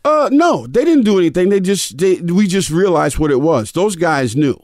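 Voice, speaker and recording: Comedian guest, male, lively raconteur, higher-than-average pitch, dry studio sound. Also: moderate pace, no echo. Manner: animated storyteller, acts out voices in quotes. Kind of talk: casual storytelling interview. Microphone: studio mic, dry garage room.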